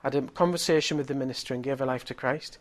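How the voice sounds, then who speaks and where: A middle-aged man preaching, telling a healing story with animated swings from hushed tones to loud exclaiming. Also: mid-range voice, fast. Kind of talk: storytelling sermon.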